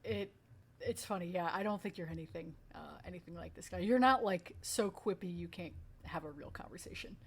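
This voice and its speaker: A woman co-hosting a podcast, chatting casually about a film, laughing often and slipping into animated quotes. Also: on the low side, fairly quick, husky. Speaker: podcast co-host.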